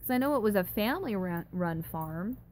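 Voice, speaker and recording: A woman's voice: mid-range voice, animated, fairly quick, darkish tone, slight background noise. Giggly young woman chatting on a live stream. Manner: chatty and giggly, reacting with exaggerated disgust. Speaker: live streamer reading chat. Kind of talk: casual live-stream chat. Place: home in a dry desert city.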